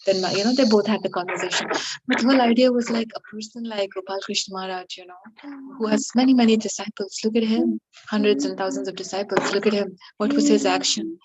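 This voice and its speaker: A woman's voice: mid-range voice, fast talker, darkish tone, slightly rough. A woman participant telling a story in a rambling, hesitant way full of fillers. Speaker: session participant. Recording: noisy line with clicks.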